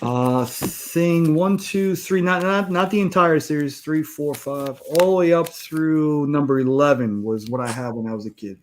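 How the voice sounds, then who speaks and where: Man in his 40s, easygoing talk-show host, slightly higher voice, unhurried. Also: a little hiss or hum. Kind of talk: casual live panel chat.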